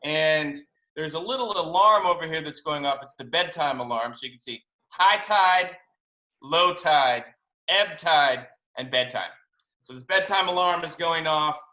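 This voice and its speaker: A man, a children's book author, reading a picture book aloud to young children over a video call, animated and chatty, in an echoey room. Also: sits high. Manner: animated, chatty storytelling to kids.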